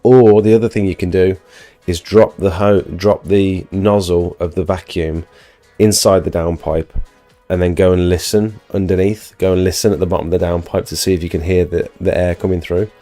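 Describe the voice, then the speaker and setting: Low husky-edged man losing his voice. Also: fairly even intonation, moderate pace, warm tone, faint music behind. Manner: chatty, answers viewer questions, frequent restarts. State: losing his voice, getting over an illness. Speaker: live stream host. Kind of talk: casual live Q&A about pressure washing.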